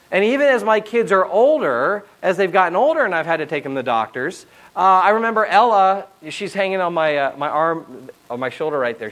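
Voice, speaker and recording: A middle-aged male pastor preaches in a slightly high voice. He tells stories in an animated way and often checks in with the congregation. His delivery is lively and conversational. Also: poor audio. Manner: animated storytelling with asides to the audience. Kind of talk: sermon.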